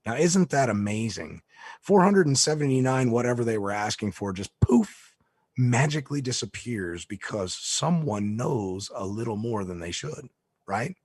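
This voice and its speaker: A man's voice: mid-range voice, normal speed, slightly rough, no room sound. A man telling a story in a casual way, acting out the people he quotes as he goes. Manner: lively storyteller who acts out the people he quotes. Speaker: speaker recounting a court story.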